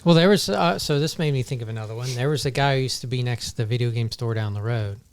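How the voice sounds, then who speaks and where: A man's voice: medium pitch, quick pace, smooth. A man hosting a casual podcast, telling a long, rambling anecdote full of restarts. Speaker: toy shop owner and podcast host.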